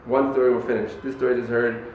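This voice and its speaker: A man giving a lively yeshiva talk to students, acting out the people in his stories. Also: medium pitch, quick pace. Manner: animated storyteller acting out quoted people. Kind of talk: lively sermon with told stories. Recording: echoey room, mic far off, faint noise.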